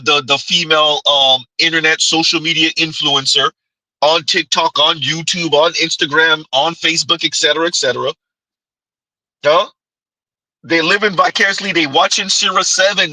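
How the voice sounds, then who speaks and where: Bright mocking male commentator. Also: on the high side, no echo, rough recording. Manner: mocking, keeps asking "Huh?". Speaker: commentary host. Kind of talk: reaction commentary.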